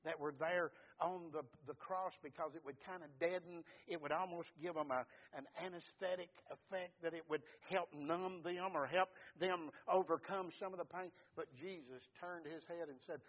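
Male pastor, sermon, emphatic loud-to-soft delivery, lo-fi phone-line quality. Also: a little high, steady tone, normal speed, few pauses. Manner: emphatic preaching, swings between loud and hushed. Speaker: preacher. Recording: tinny phone-like sound.

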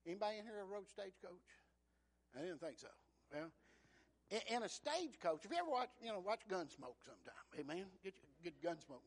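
A man's voice: high voice, sing-song, a little fast. A man preaching a sermon, folksy and conversational, retelling scripture as dialogue and asking the congregation for an amen.

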